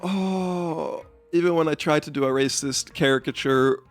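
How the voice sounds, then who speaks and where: A man's voice: medium pitch, fairly even intonation, fairly quick, clear, resonant tone, faint music behind. A man streaming a game, rambling casually, giggly, with frequent restarts. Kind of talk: casual live-stream commentary.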